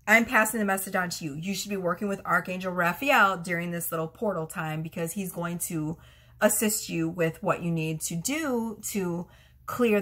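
Bright-voiced chatty tarot reader, woman. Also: lowish voice. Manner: rambling, excitable, swears freely. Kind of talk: casual chatty vlog.

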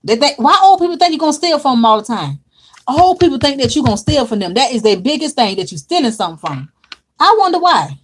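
Animated woman chatting with viewers. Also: high-pitched, quick pace, a little hiss or hum. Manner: animated, dramatic, laughs a lot, calls viewers honey and child. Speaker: livestream host reading viewer comments. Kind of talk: casual livestream chat.

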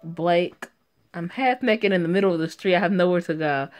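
A woman reading a story game aloud and reacting to it in a sassy, profane way that is quick to laugh. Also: lowish voice.

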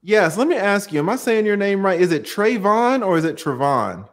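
A man hosting a live-stream panel in casual chat, animated and chatty with frequent filler sounds. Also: sits high, fast.

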